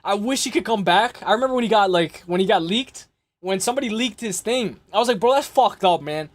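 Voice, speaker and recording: A young man hosting a casual fight-prediction show, rambling and excitable, repeating himself and swearing often. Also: sits high, fast. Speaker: MMA podcast host.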